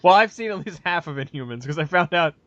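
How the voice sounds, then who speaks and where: A man's voice: on the high side, animated, fast talker, fairly bright tone, muffled recording. A man co-hosting a podcast in casual chat, rambling and profane, with frequent restarts and acted-out quotes. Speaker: podcast co-host. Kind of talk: casual chat, movie review.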